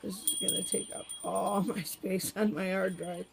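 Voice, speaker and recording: A woman's voice: mid-range voice, steady tone, normal speed, vocal fry, background noise. A woman filming her pets at home, chatting and coaxing them in a sing-song voice. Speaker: pet owner filming her animals. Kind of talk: casual home video chat.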